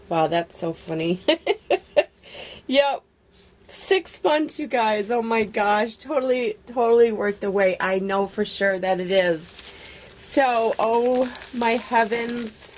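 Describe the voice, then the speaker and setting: A woman vlogger unboxing a craft swap package in casual chat, gushing over each item with excited exclamations. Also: mid-range voice, a little hiss or hum.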